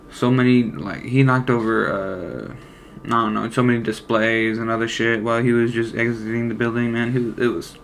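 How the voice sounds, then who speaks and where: A man's voice: medium pitch, a bit bright, slight background noise. Rambling young man telling a profane story. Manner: rambling and profane, heavy slang fillers. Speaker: former deli worker telling a story. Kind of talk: casual personal storytelling.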